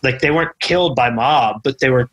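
A man co-hosting a podcast, talking things through in a relaxed way with plenty of fillers. His voice is husky with a bright edge and sits at a mid pitch. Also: fairly quick, lo-fi sound. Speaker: podcast co-host. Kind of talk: casual podcast chat.

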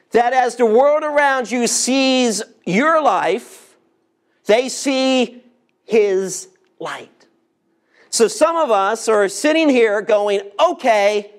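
A man in his fifties preaching a sermon as pastor, passionate, asking the congregation rhetorical questions and dropping to near whispers on key words. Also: very high voice. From United States. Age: 50s.

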